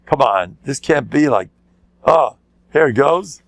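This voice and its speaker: Older rabbi, gravelly joking lecture voice. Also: male voice, medium pitch, slow pace, no echo. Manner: joking, animated, shouts out quotes, mixes Hebrew and Yiddish words. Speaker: rabbi giving a Torah class. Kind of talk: lively Torah lecture.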